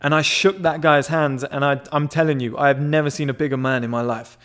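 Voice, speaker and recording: A young man telling a rambling, excited story in casual chat, swearing often and filling with "like" and "whatever". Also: a little high, fairly quick. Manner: excitable, swears a lot, rambling with many fillers. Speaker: members club founder telling a story.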